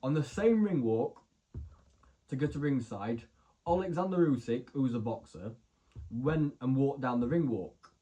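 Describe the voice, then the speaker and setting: A man's voice: mid-range voice, animated, a little slow, mellow, breathy edge. A young man, casually telling rambling stories to camera, full of "so anyway" and "like". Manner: chatty, rambling, lots of "so anyway" and "like". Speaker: vlogger.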